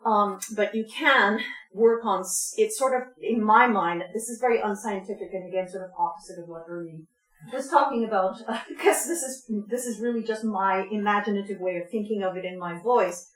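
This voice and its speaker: A woman at a mid pitch leads a relaxed vocal workshop, full of ums and little laughs. She breaks off now and then to sing short demonstrations. The room is echoey and roomy. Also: moderate pace. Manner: chatty, laughs often, many ums, demonstrates sounds. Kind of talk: informal teaching talk with sung demonstrations. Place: community music space, roomy.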